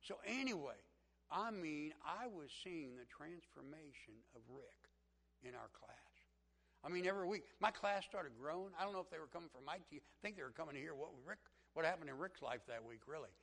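A man's voice: a little high, lively intonation, fairly quick, vocal fry, fairly bright tone. A man preaching a sermon as pastor, telling a story in a conversational way.

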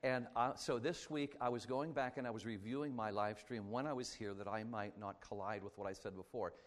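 Fast-talking preacher, low voice. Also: male voice. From Pittsburgh, Pennsylvania. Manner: fast-talking, chatty and joking. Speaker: traveling preacher. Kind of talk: sermon. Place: church sanctuary.

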